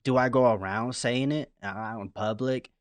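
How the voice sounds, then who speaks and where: A man's voice: medium pitch, moderate pace, smooth, no room sound. A man from California giving casual, rambling reaction commentary who swears freely. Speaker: reaction streamer.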